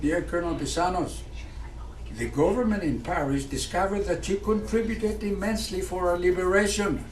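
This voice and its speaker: A man, a former pilot giving a speech. He talks in halting phrases full of fillers and restarts. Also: high-pitched, slight background noise. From Greece. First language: Greek. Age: 90s. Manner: halting, with many fillers and restarts, earnest and patriotic. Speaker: guest speaker, retired fighter pilot. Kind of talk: speech to an audience. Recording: echoey room picked up from far off.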